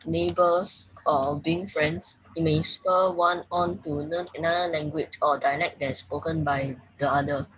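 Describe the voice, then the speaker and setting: Low-voiced woman reading an essay. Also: steady tone, a little slow, hardly any pauses, fairly bright tone, husky, low-quality recording. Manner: careful reading, with small slips. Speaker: student.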